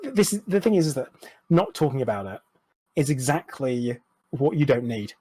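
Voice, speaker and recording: A man's voice: medium pitch, sing-song, normal speed, mellow, breathy edge, dry recording, poor audio. A man, speaking frankly and reflectively as a podcast guest, swearing now and then. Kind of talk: candid interview chat.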